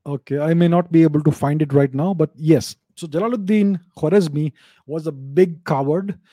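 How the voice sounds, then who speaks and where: Opinionated man, dark dry voice. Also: on the high side, moderate pace, dry recording. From India. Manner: opinionated, repeats and restarts words. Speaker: commentator. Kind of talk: casual spoken commentary.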